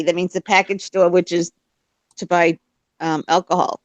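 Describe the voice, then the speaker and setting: A woman's voice: on the low side, fairly quick, dry recording. A woman from New England with a New England accent, hosting a casual panel chat in a teasing, playful way. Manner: teasing, playful, jumps into joking put-on accents.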